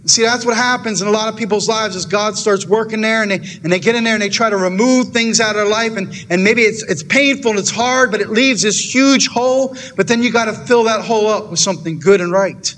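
A man's voice: high voice, brisk, hardly any pauses, fairly bright tone. A man preaching a sermon in a church in an earnest, repetitive way, then leading a prayer that keeps calling on the Lord. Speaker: pastor.

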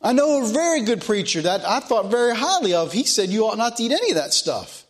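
High-voiced folksy preacher man. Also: sing-song, a little fast. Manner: folksy, repeats phrases for emphasis. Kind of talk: sermon.

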